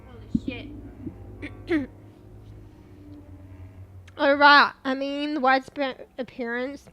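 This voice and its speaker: A woman's voice: sits high, steady tone, slow, sharp tone, a little hiss or hum. A young Australian woman chatting casually with her stream chat while gaming, swearing freely and offhand.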